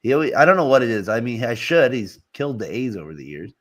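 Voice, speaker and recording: A man co-hosting a casual sports chat, rambling and halting with many fillers. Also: mid-range voice, big pitch swings, a bit bright. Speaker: co-host.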